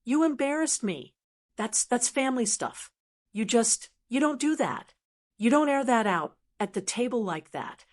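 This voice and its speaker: A woman's voice: a little high, lively intonation, measured pace. A woman reading the lines of a defensive middle-aged husband in a storybook, keeping her own plain voice. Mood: reproachful.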